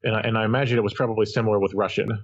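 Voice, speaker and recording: Measured man explaining on a podcast. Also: on the low side, steady tone, dull audio. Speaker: podcast co-host. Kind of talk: casual chat.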